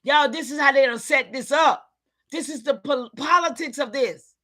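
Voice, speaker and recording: A woman giving an impassioned, preachy livestream talk, calling out to her listeners and sometimes shouting in frustration. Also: high voice, moderate pace. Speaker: online community leader.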